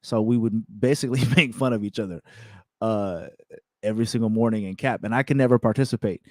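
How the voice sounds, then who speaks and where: A man's voice: lowish voice, fairly quick, dry recording. Young guy telling his own story, kinda repeats himself, dry close sound. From California. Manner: candid, repeats words, animated retelling with laughs. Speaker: self-improvement podcast host. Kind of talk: personal storytelling monologue.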